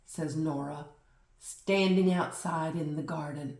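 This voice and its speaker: Slow, expressive woman reading a storybook. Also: on the low side, far from the mic. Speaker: storybook reader. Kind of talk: reading a picture book aloud. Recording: roomy echo.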